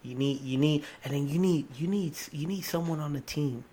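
Male podcast host, higher-pitched, animated and profane, stop-start casual delivery. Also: brisk. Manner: animated, profane, restarts often. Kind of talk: casual chat.

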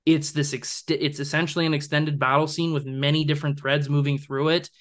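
Podcast co-host, young man, fairly high voice, eager and rambling. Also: level tone, fairly quick, a bit bright. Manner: enthusiastic, rambling with fillers and laughs. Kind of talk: casual film discussion.

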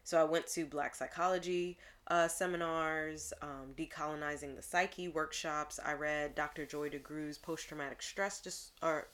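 A woman's voice: low-pitched, normal speed. A woman in her thirties, a therapist, chatting casually and telling stories with lots of laughter and slang. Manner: animated storyteller, laughs often, casual slang. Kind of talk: casual podcast conversation.

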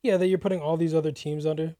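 A man's voice: fairly high pitch, fairly even intonation, racing, dark tone, no room sound. A young man co-hosting a sports podcast in a laid-back, slangy chat. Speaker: podcast co-host.

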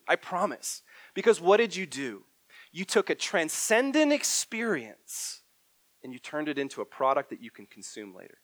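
Guy preaching in a church, gets loud then drops way quiet, dry close mic. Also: a little high, normal speed, no room sound. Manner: animated, swings from loud emphatic to hushed. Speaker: pastor. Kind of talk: sermon. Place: church hall.

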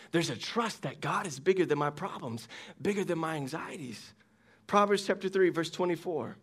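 A man's voice: a little high, a bit bright. A middle-aged pastor preaching a sermon, asking the congregation questions as he goes. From United States.

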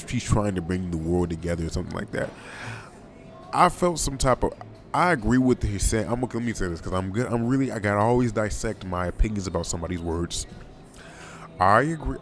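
A young man hosting a casual solo podcast, talking in a loose, rambling, slangy way and often repeating himself. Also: on the low side. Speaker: podcast host.

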